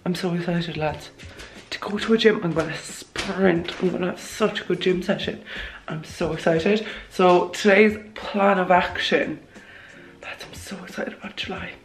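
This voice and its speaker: Her voice lowish and a little slow, a chatty Irish woman in her twenties rambles through a casual phone-camera vlog, saying "lads" and "like" again and again. The audio is poor, with faint music in the background.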